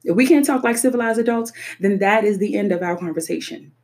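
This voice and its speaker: Woman, young adult, personal reflective talk, earnest, emphatic, repeats her points, mid-pitched voice. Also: fast, darkish tone.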